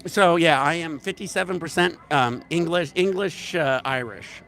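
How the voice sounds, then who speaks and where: A man's voice: fairly high pitch, moderate pace, gravelly, a bit bright. A man hosting a casual livestream, telling rambling, profane stories at a resort bar. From United States. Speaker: livestream host.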